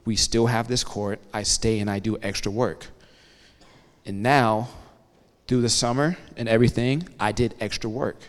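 An energetic man in his thirties speaks to a room of students at a middle pitch, spinning stories and checking in with "okay?" as he goes. His voice rings out with a long hall reverb. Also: normal speed. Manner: energetic storyteller, checks in with the audience. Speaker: guest speaker. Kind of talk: motivational talk to students. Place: campus hall.

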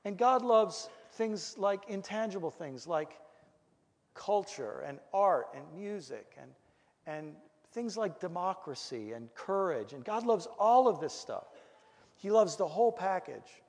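A middle-aged man, a pastor, giving a lecture full of comic stories, animated and full of restarts. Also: high-pitched, measured pace. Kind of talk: humorous storytelling lecture. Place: lecture hall. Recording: reverberant hall.

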